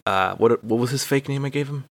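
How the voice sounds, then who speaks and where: A man's voice: medium pitch, a little fast, gravelly, dry recording. A young man from Texas, a podcast co-host, telling a rambling, profane, self-deprecating story in casual chat.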